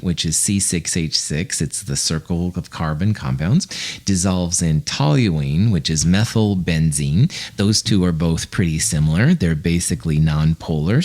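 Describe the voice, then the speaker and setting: Low-voiced male chemistry lecturer. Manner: relaxed, conversational explaining with fillers and asides. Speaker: chemistry instructor. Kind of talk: recorded online lecture.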